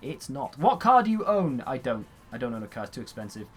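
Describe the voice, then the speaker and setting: A man's voice: medium pitch, sing-song, fairly quick, husky, soft background music. Rambling, sarcastic young man. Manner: rambling, sarcastic, yawning, swears freely. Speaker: gaming streamer answering viewer questions. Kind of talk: casual chat while playing a game. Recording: faint background noise.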